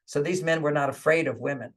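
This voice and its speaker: A man's voice: on the high side, fast. A man, a guest author on an interview show, giving relationship advice in a conversational way, chuckling often and repeating his points with "okay". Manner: acts out inner voices in quotes.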